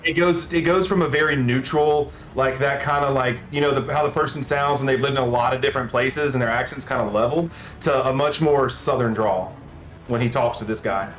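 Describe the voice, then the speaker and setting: A man's voice: medium pitch, brisk, a bit bright, dull audio. Man playing a tabletop game, roomy sound. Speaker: player. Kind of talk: casual tabletop play.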